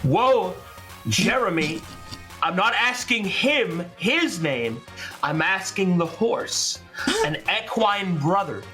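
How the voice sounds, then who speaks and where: A man doing a deadpan laid-back bro adventurer. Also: high-pitched, faint music behind, heavily acted. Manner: deadpan, slow and unbothered. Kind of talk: retelling a tabletop game.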